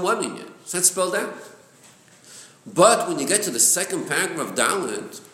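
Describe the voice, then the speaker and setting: Lively man teaching a Torah class. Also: fairly high pitch. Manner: lively, repeats words, mixes Hebrew and Yiddish terms into English. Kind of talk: Chassidic text class, explaining to students. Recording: echoey room.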